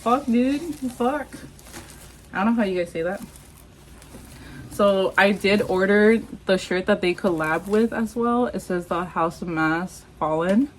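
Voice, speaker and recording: Young Texan woman, casual unboxing vlogger, excitable and foul-mouthed, faint background noise. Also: medium pitch, measured pace, rough recording. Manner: hyper, excitable, swears a lot, squeals. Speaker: vlogger unboxing masks and merch.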